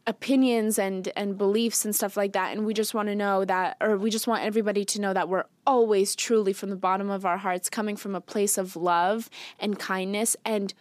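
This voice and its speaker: A woman co-hosts a faith podcast in an earnest, sometimes teasing way. She has a cough from being sick. Her voice sits at a middling pitch and the recording is very dry. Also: steady tone, fairly quick, few pauses, dry recording. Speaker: podcast co-host. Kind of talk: casual faith podcast chat.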